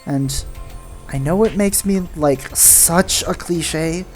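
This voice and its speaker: A woman's voice: deep voice, slow, darkish tone, soft background music. A woman voicing a sassy, laid-back young mermaid in a video game, with drawling valley-girl slang. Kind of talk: reading game dialogue aloud.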